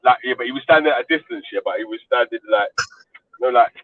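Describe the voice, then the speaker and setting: A man's voice: mid-range voice, quick pace, no room sound. A man, joining a live chat as a caller and rambling about his work day with lots of slang and swearing. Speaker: guest caller. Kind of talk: casual chat. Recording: dull lo-fi call audio.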